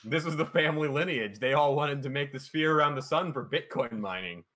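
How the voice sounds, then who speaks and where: A man's voice: fairly high pitch, lively intonation, fairly quick. A man playing in a tabletop game session, making offhand, chuckling remarks. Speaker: player. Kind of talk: casual tabletop game chat. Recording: noisy crowd behind the voice.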